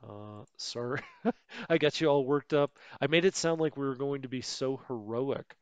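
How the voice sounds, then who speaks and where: A man's voice: medium pitch, normal speed, clean tone, dry recording. A man giving casual, rambling commentary over a strategy game he plays, often correcting himself and chatting in asides. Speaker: let's play host.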